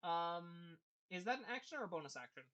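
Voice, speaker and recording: Game master, bright voice, rambling scene narration, fillers, tabletop game. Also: mid-range voice, big pitch swings, fairly quick, highs cut off. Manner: rambling, many fillers and restarts.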